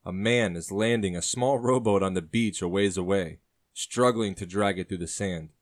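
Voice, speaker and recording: A man narrating a story aloud in a steady, descriptive reading. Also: sits low, normal speed.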